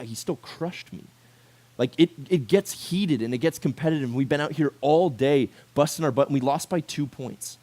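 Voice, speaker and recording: A man in his twenties giving a sermon to a youth group, talking in a casual and animated way and acting out quotes. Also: mid-range voice. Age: 20s. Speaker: youth pastor.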